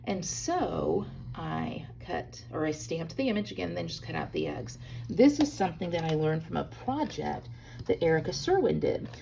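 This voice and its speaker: Chatty, lively woman crafting host. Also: low voice, moderate pace, vocal fry, slight background noise. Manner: chatty, bubbly, talks straight to viewers. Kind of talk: hands-on crafting tutorial. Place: hotel room.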